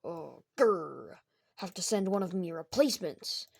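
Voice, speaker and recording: A woman's voice: lowish voice, expressive, measured pace, gravelly, a little mellow, breathy edge, dry recording, clean studio sound, full character voice. A woman voicing a grumpy, scheming male bear animatronic who growls and says "me" for "my", in a homemade game-video story.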